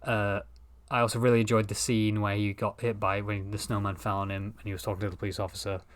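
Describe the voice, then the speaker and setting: A man's voice: lowish voice, level tone, quick pace. A man co-hosting a casual podcast, tired and yawning after an early start at work, mostly reacting easygoingly. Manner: easygoing and reactive, short agreeing replies. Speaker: podcast co-host. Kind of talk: casual chat.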